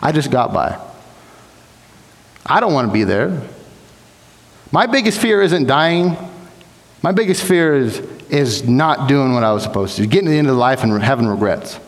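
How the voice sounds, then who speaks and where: A man's voice: mid-range voice, animated, moderate pace. A young man preaching a sermon in a church sanctuary, earnest and exhorting, sometimes restarting his words. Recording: long hall reverb.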